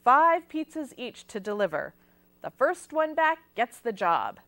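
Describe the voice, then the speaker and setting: A woman voicing a loud, brusque male pizza shop owner who barks out orders. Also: a little high, very animated, a little slow, full character voice. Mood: barking. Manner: barking, loud.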